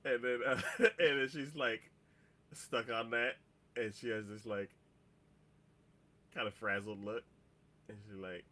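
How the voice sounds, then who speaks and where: Rambling man with a bright voice. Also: mid-range voice, steady tone, slow pace, long pauses. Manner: rambling, heavy on "like" and "um". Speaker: podcast co-host. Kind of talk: casual chat, recapping an episode.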